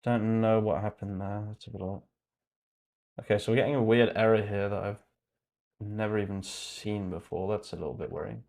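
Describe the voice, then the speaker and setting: A young man chatting casually on a livestream while he codes. He swears freely, thinks out loud, and reads code notes aloud in a flat murmur. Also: fairly low pitch, moderate pace, gravelly.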